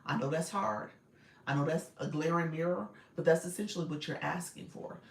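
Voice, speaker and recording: A woman's voice: deep voice, a little fast, echoey room. A woman in her forties coaching on a livestream, chatty and direct, often breaking into laughter. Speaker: live-streaming coach. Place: inside a car.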